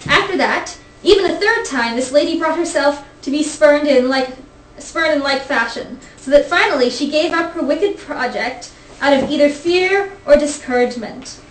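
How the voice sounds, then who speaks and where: A woman's voice: high-pitched, expressive, moderate pace. A woman hosting a show, reading a story aloud in a casual, playful way with teasing asides. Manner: playful, teasing, breaks into giggles. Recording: roomy, distant mic, faint noise.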